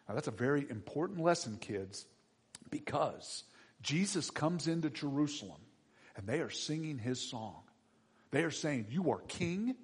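A man preaching a children's sermon as pastor, swinging between hushed and loud emphasis. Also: mid-range voice, expressive, normal speed, breathy edge.

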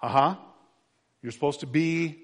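Preacher guy, husky voice, goes from yelling to quiet, asks the church questions. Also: measured pace, big-room sound. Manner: swings from loud shouted passages to low quiet ones, asks the congregation questions. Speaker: pastor. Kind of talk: sermon.

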